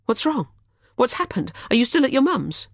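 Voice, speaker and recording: A woman's voice: sits high, very animated, normal speed, no room sound, studio quality, pitched above the performer's own voice, heavily acted. A woman voicing an anxious, caring young woman in an audiobook, with urgent, rising questions in a raised voice. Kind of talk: audiobook character voice.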